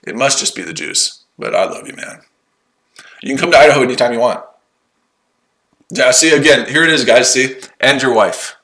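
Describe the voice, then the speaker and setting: A man's voice: mid-range voice, expressive, normal speed, pauses often, bright, forceful tone, poor audio. A man hosting a live trading stream from his shed, firing sarcastic, profane comebacks at viewers in the chat. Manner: combative, sarcastic, swears, mocks the chat. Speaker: day-trading livestream host.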